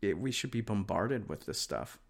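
A man's voice: on the low side, animated, normal speed, creaky. A man from Wisconsin co-hosting a casual chat podcast, wry and offhand as he skims through listings. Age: 30s or older. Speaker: podcast co-host.

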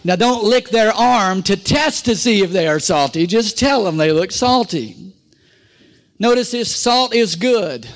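A man's voice: sits high, animated, measured pace. A male pastor preaching a sermon in a church, leading the congregation in call-and-response with rhetorical questions and humorous asides. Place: church sanctuary.

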